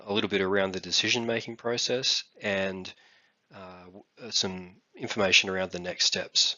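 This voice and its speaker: A hoarse Australian man gives a presentation, pausing often with fillers between phrases. His voice sits very low and has a hard, bright edge. The recording sounds dull and lo-fi. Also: steady tone. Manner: halting, many fillers. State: hoarse, recovering from illness. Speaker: biosecurity response coordinator.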